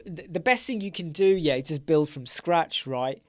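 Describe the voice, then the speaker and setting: A man's voice: on the high side, animated, moderate pace, dry recording. Tired, chatty English man hosting a live Q&A. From England. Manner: chatty, greets viewers by name, repeats words. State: tired, yawning. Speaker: livestream host. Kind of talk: casual live Q&A chat.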